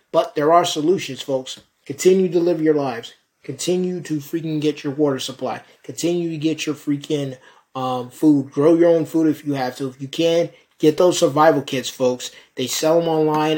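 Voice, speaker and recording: A young man hosting a solo podcast, talking fast and heatedly, swearing and repeating "folks" as he rants. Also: a little high, a little mellow. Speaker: podcast host.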